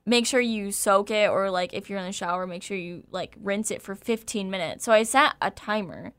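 A woman host telling a personal story in casual chat, candid and animated, laughing as she goes. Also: mid-range voice, normal speed, clean tone, no echo.

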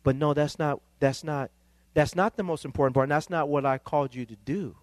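A male pastor, preaching a sermon that climbs into emphatic, excited peaks. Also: on the high side, fairly quick, dry recording.

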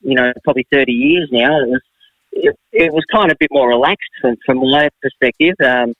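A middle-aged man answers questions quickly and modestly as an interview guest. He comes through a tinny, narrow phone line. The sound is dry, with no room echo. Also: medium pitch, very animated.

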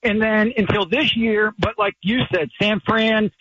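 A man's voice: sits high, fairly even intonation, a little slow, pushed and bright, breathy edge. A man calling in to a sports radio show, eagerly piling up his arguments. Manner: eager, argumentative, piles up points. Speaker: caller. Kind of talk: call-in sports radio talk. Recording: dull lo-fi phone-in line.

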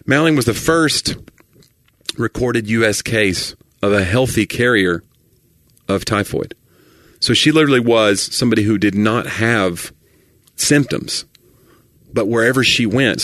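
A male podcast co-host in casual chat, retelling stories with lively asides. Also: mid-range voice, dry recording, studio quality. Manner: lively, quick asides, storytelling.

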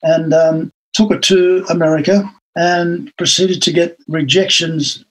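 Animated older Australian man telling stories. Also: a little high, unhurried, rough recording. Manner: animated anecdotal storytelling with acted-out quotes. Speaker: interview guest. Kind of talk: storytelling in an interview.

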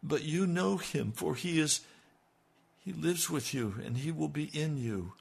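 A man preaching an impassioned radio sermon as pastor, swinging between loud emphasis and hushed, intimate lines. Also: fairly high pitch, unhurried, gravelly, slightly rough.

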